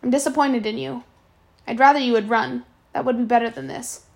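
A woman reading aloud and voicing a proud teenage servant girl who speaks in a sharp, accusing, hurt way. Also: on the high side, fairly even intonation, fairly quick, gravelly. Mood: disappointed.

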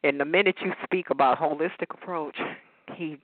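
A woman calling in to a talk program, speaking in an excitable, effusive way. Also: low voice, brisk, no echo. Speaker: caller. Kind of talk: call-in talk. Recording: tinny phone line.

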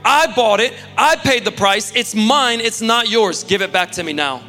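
A stern Jesus in a retold dream, put on by a preacher, laying out his demands one after another. The voice sits high and bright. It rings out in a reverberant hall, with soft music underneath. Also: expressive, moderate pace. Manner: emphatic, commanding lists of demands. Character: stern yet loving Jesus, adult man.

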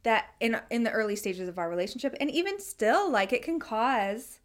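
A woman co-hosting a podcast in casual chat, animated and talkative. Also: fairly high pitch, normal speed. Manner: chatty, animated, puts on voices when quoting. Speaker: podcast co-host.

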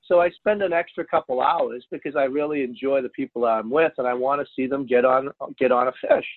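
A man, a fishing charter captain, telling a story in a casual interview, animated and loud at the high points. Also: a little fast, no room sound. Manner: animated, jumps to loud exclaims when retelling. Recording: dry tinny phone line.

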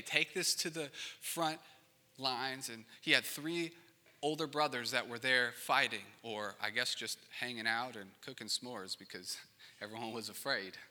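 A male pastor preaching in a relaxed, conversational way and slipping in joking asides. His voice is very bright and sharp, and it carries a long reverb from a big hall. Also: mid-range voice. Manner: casual and conversational, acting out quotes with joking asides. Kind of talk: sermon.

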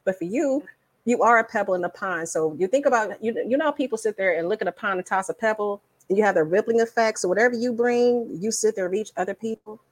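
A woman guest co-host in a casual podcast chat, speaking warmly and from the heart. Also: medium pitch, quick pace.

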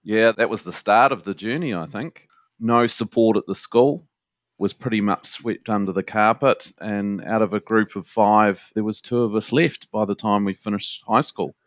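A man's voice: lowish voice, normal speed, no room sound, studio quality. A man with a New Zealand accent, a guest academic answering interview questions in an earnest, conversational way. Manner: earnest, with frequent "you know" fillers. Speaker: guest academic and suicide educator.

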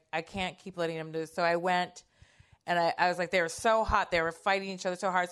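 A middle-aged woman with a fairly low voice recounts a personal story in casual talk. She is blunt and swears freely, and she acts out the lines of other people in the story. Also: a bit bright, smooth. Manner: candid, swears freely, acts out quotes with raised pitch.

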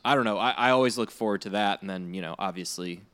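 A man's voice: fairly low pitch, quick pace, fairly bright tone. A man in casual podcast chat, talking earnestly with many fillers and repeated phrases.

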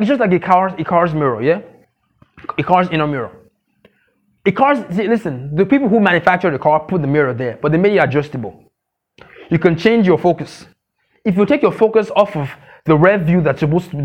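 A man preaching a sermon, emphatic and repetitive, asking his listeners questions and now and then mocking gossip in a squeaky voice. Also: highs cut off. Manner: emphatic, repeats key phrases, asks the congregation questions. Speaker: pastor.

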